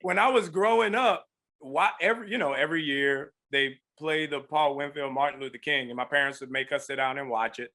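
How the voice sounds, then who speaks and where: Man, american actor guest, animated, jokey, bright forceful voice, a bit high. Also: fairly quick. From United States. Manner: animated, joking, laughs at his own lines. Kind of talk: casual interview talk.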